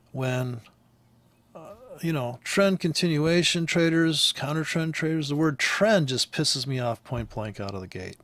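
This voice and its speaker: A man's voice: fairly high pitch, fairly bright tone, no room sound. A man from the United States, a forex trader, ranting in a casual, rambling way over a live chart, swearing freely and laughing often. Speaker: forex trader and trading teacher.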